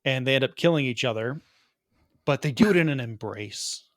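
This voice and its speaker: A man's voice: medium pitch, lively intonation, dry recording. Casual man reviewing films, dry close mic. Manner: rambling, quick asides, laughs at his own jokes. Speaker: podcast co-host. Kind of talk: casual movie review chat.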